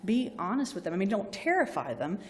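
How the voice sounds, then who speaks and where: A woman's voice: mid-range voice, big pitch swings, fairly quick, a little mellow, a little hiss or hum. Southern woman lecturing, hall reverb. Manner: chatty, frequently acts out patient and doctor voices. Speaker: university library staff presenter. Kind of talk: informal lecture.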